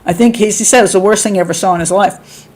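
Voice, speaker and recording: A middle-aged woman hosting a live stream, chatting and reading out viewer comments. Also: racing. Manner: chatty, reads viewer comments, laughs often; acts out quotes with sharp jumps in pitch. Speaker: host.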